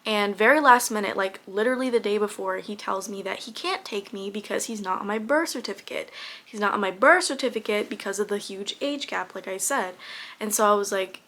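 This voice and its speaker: A woman's voice: mid-range voice, a little fast, fairly bright tone. A young woman casually telling a personal story straight to camera, candid, with lots of fillers and some swearing. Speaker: vlogger.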